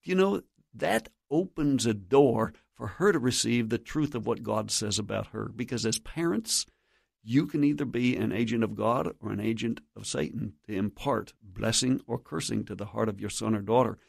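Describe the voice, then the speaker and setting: A man delivers sermon-style teaching as a radio guest, urging his listeners on with earnest conviction. His voice carries a steady gravelly texture. It sits close and dry against the microphone, with no room sound around it. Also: mid-range voice, normal speed, dry recording. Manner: earnest, exhorting, preacherly. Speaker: guest speaker on Christian radio.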